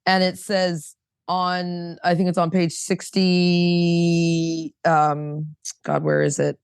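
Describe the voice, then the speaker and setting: A woman talks openly at a recovery roundtable, earnest and emphatic, circling back and repeating herself. Her voice sits a little low, and the sound is dry and close to the mic. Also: animated, takes it slowly, clear, resonant tone, no room sound. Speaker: roundtable participant, sponsor. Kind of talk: casual recovery-meeting sharing.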